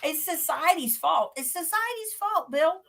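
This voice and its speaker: A woman guest telling a story in a lively way, laughing often and acting out what people said. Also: extremely high pitch, measured pace, vocal fry, a little hiss or hum. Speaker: guest psychic medium. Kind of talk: animated storytelling.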